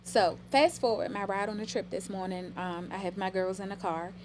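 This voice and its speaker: A woman's voice: medium pitch, fairly even intonation, moderate pace, a little hiss or hum. Emotional storytelling woman. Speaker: podcast guest. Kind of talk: casual podcast conversation.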